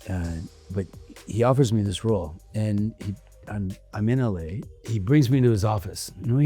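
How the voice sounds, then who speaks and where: A male actor telling lively anecdotes in a casual interview, acting out what others said and swearing now and then. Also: on the low side, moderate pace, slightly rough, faint music behind. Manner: animated, acts out quotes of others, casual swearing.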